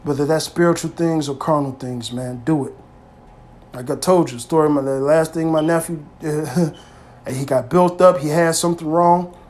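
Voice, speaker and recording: A man preaching informally to his brothers, with emphatic, street-style speech that swings between loud exhortation and quiet, low asides. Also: fairly even intonation, moderate pace. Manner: emphatic and streetwise, peppered with "man" and "hey", swearing freely. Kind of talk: informal scripture teaching.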